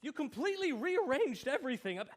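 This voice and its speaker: Uptight musician, man, high voice, animated pitch, fussy, indignant, stage dialogue. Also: fast talker. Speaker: conductor's assistant.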